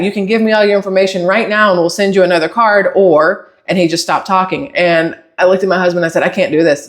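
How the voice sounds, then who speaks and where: Exasperated woman telling a story. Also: lowish voice. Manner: animated, exasperated retelling with acted-out quotes. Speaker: channel host. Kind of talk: casual storytime monologue.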